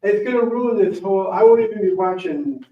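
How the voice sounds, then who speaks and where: A man's voice jumps high and low as he rambles through stories to a live audience. He sounds far from the mic in a roomy space, and the recording is a little dull. His pitch sits high for a man. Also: brisk, gravelly. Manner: rambling, animated, anecdotal. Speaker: guest speaker, morel hunting champion. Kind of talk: casual storytelling talk to an audience. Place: library meeting room.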